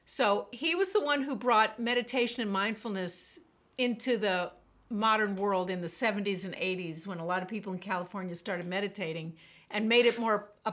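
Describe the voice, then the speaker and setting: A woman guest on a podcast, talking about burnout and telling lively stories in which she quotes herself. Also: mid-range voice. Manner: animated storyteller, quotes herself vividly. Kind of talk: podcast interview, storytelling.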